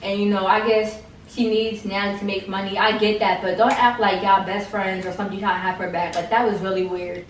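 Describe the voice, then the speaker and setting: A woman's voice: medium pitch, level tone, brisk, distant mic. A woman talks through a reality TV reunion in a loose, gossipy way, dropping "like" everywhere and tossing in mocking asides. She sits back from the mic in a room that rings with echo. A faint layer of noise runs behind her. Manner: slangy, chatty, fillers of "like", mocking asides. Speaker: reality TV recap host. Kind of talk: casual recap chat.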